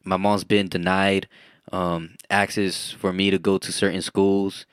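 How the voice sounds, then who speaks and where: Low-voiced young man, loose rambling chat. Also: level tone, a little slow, clear, resonant tone, no room sound, studio quality. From United States. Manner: loose and rambling, full of fillers and casual swearing. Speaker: podcast co-host. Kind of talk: casual chat.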